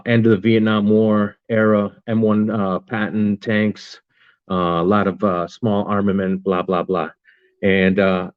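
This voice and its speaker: On a podcast, a veteran guest in his fifties recounts his story in a relaxed interview, speaking bluntly and profanely with plenty of fillers. His pitch is fairly low, and the dry recording has a phone-quality sound.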